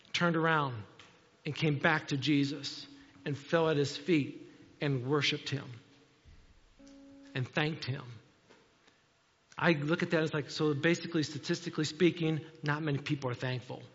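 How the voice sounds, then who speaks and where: A man preaching a sermon as pastor, telling animated stories and often asking "okay?". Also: on the high side, a little slow, long pauses, long reverb tail, muffled recording. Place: church.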